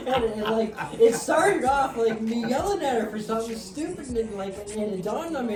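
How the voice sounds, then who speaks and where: A man telling a rambling story in casual chat, animated and swearing, often breaking into laughs. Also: very high voice, normal speed. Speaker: guest. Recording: roomy echo, distant mic, music behind. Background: music.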